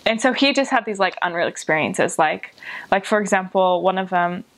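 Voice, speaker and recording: A young woman, a former missionary, telling a story casually with lots of "like", jumping into high voices when she quotes people. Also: moderate pace. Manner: animated, lots of filler "like", jumps into high voices when quoting.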